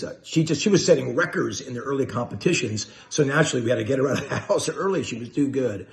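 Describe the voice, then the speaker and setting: A laid-back man chatting casually as the host of his own video. His voice sits at an ordinary middle pitch, and he talks in an easy, enthusiastic way, heavy on slang. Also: gravelly. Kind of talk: casual chat.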